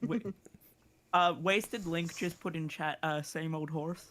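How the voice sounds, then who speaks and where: A man's voice: a little high, fairly even intonation, slow, crowd noise. A man co-hosting a casual livestream, reading from chat and teasing with hesitant fillers.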